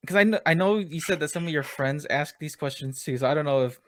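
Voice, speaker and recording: A man hosting a casual podcast interview, talking in a halting way with many fillers and restarts. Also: on the high side, dry recording. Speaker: podcast host.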